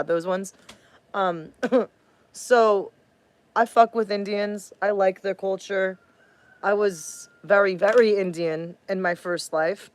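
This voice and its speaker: A woman from the United States ranting on a livestream in a profane, rambling way, losing her train of thought. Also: mid-range voice. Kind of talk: casual livestream rant.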